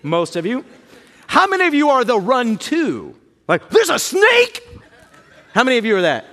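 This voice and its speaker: A man in his thirties preaching a storytelling sermon, animated and self-mocking, jumping to high yelps when he acts out fear. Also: a little fast. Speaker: pastor. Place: church auditorium. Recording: reverberant hall.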